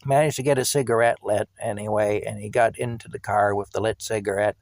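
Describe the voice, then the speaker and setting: Man, former cabbie, storytelling, animated, dry close sound. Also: lowish voice, brisk, no room sound. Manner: animated, quoting people, chuckling. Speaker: former taxi driver. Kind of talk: casual personal storytelling.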